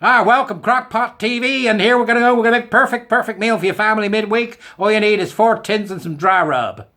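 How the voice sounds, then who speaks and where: A loud, pushy cooking-video host with high, brassy sales patter, put on by a man. He sounds like a man pitching cheap recipes from a video clip. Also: a little fast. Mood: excited. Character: brash male American cooking-video host.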